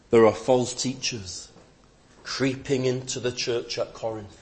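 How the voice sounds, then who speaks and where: A man preaching a sermon, reading scripture and explaining it with dry, wry humor and earnest emphasis. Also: mid-range voice. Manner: slow, deliberate delivery with lively rise and fall.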